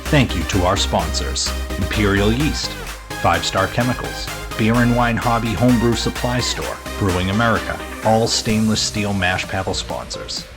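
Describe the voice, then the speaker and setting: A man reading a scripted sponsor introduction in a brisk, listing manner. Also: on the low side. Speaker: announcer. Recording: clear music behind.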